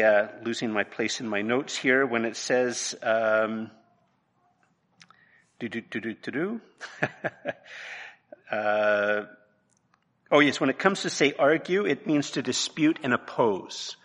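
A man preaching a sermon from his notes, emphatic, dropping to a hush and then rising to loud, pressing points. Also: medium pitch. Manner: emphatic, swings from hushed to loud.

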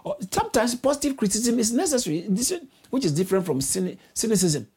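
A man preaching a sermon, urging his listeners on and repeating phrases, with his voice leaping high for emphasis. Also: sing-song, quick pace, mellow, breathy edge.

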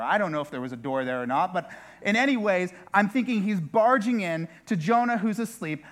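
A man's voice: high voice, fairly bright tone. A man preaching a sermon as a pastor, speaking conversationally with frequent restarts and asides.

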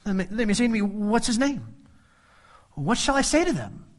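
A man with a fairly high voice delivers an animated sermon. He walks through a Bible passage verse by verse and drops into playful voices for the people he quotes. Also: normal speed. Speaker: pastor.

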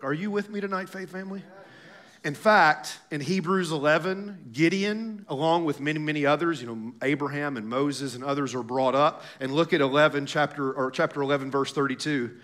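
A man preaching to his congregation in a high, bright voice. He draws out scripture readings slowly and turns emphatic as he calls out to his listeners. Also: fairly even intonation. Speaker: pastor. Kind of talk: sermon.

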